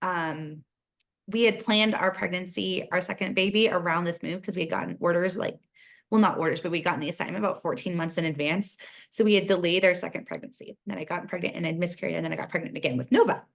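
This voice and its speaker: A woman's voice: fairly low pitch, steady tone, fast, creaky. An American woman talking as a podcast guest, candid and chatty, sharing personal stories in a casual conversation.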